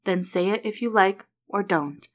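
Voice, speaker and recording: A woman voicing a tender father who speaks softly, his voice cracking with feeling. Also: mid-range voice, normal speed, natural voice. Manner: soft, voice cracking. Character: tender emotional father, adult man.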